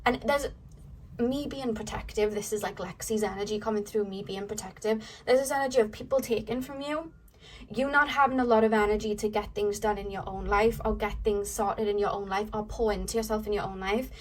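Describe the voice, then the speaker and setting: A woman giving a casual tarot reading to camera, rambling and earnest, full of fillers, her voice a little distant from the mic. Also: a little high. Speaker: tarot reader.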